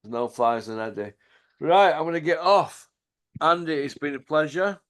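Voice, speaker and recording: A man's voice: on the high side, normal speed, a bit bright. A man hosting a casual, jokey chat and mocking people in slangy banter. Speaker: channel host. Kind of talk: casual banter about boxing.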